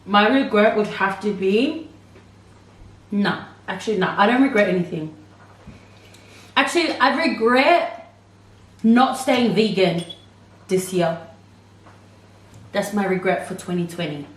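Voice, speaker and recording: A woman's voice: medium pitch, lively intonation, measured pace, pauses often, roomy sound, recorded from a distance, rough recording. A woman co-hosting a casual mukbang vlog, teasing her husband and laughing often. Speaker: vlog co-host.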